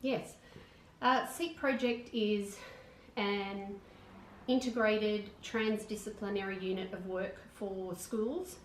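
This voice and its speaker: Brief: woman project manager, explanatory and halting, echoey room with faint noise. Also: medium pitch, fairly even intonation. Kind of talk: documentary interview.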